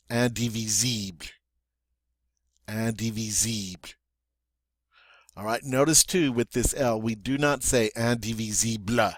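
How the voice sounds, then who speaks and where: A man's voice: mid-range voice, dry recording, studio quality. A man teaching a French pronunciation lesson, patiently repeating words and checking in with "all right?".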